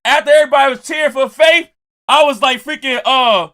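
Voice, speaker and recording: A man with a high, bright voice on a casual live stream. He greets viewers by name and tells a story in a loud, animated way, and he often breaks into shouts. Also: brisk.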